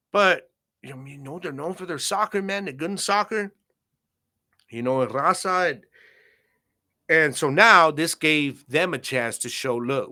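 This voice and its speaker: His voice sits high with a sharp tone as he hosts a football podcast on his own. The talk is laid-back and casual, sprinkled with slang and fillers like "man" and "you know".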